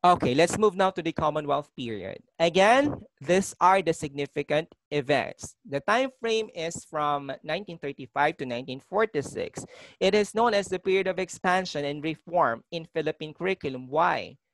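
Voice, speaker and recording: A man's voice: on the high side, expressive, moderate pace, no room sound, rough recording. A man with a Filipino accent, a college teacher lecturing a class and often checking in with "okay?". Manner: explanatory, frequent "okay?" checks with students.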